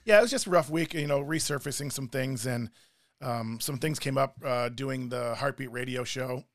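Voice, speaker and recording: A man's voice: mid-range voice, moderate pace, gravelly, no room sound. Emotional man hosting a faith chat. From Irish heritage. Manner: emotional, rambling, self-interrupting. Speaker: podcast co-host. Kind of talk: casual chat. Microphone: studio mic with cough button.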